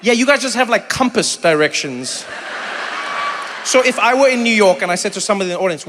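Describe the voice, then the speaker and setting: A man in his thirties with a South African accent doing stand-up crowd work, animated and breaking into loud high impressions. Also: fast. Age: 30s. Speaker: stand-up comedian. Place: large theater stage. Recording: live hall with faint crowd noise.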